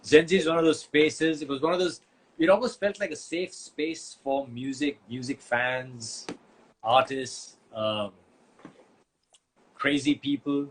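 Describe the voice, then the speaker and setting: A relaxed, friendly man from India, chatting as a guest on a video call. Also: medium pitch, a little slow, slight background noise. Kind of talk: casual livestream chat.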